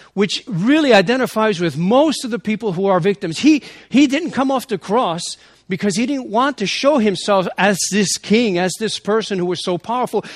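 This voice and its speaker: A man's voice: sits high, dry recording, studio quality. A man reading the Gospel aloud and then preaching an earnest sermon that builds in intensity. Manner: earnest, rising in intensity, with restarts. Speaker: priest.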